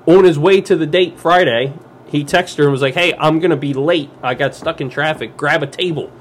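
A man's voice: a little high, fairly quick, a little hiss or hum. A man co-hosting a casual podcast, telling a long story with swearing and acting out the people in it. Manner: storytelling, swearing, quoting others in voices. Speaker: podcast co-host. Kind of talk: casual crude podcast banter.

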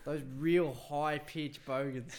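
A man's voice: a little high, steady tone, slow pace. A young Australian man with a slightly raised voice, chatting casually. He is blunt and sweary, often tossing in laughing asides. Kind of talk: casual chat.

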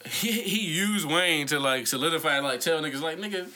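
A young man chatting casually on a podcast, animated and joking, full of slang and quick impressions. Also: fairly high pitch. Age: young adult. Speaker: podcast host. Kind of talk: casual chat.

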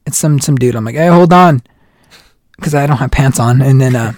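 A man's voice: mid-range voice, fast, no room sound. A man in his thirties telling stories in casual chat, acting out the people he quotes. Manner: animated storyteller, acts out quoted lines. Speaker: guest.

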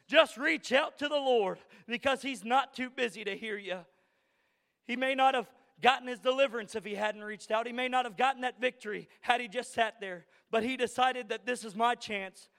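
A man preaching a sermon in a church, building to shouted emphasis with a repeating cadence, at times choked up with emotion. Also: extremely high pitch, normal speed, vocal fry, long reverb tail. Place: church sanctuary.

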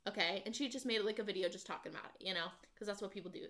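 A young woman in her twenties co-hosts a casual podcast chat, her voice bright and forceful. She rambles through stories with plenty of "like" fillers and acts out the quotes herself. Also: medium pitch, racing. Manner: chatty storyteller, many "like" fillers, acts out quotes. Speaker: podcast co-host.

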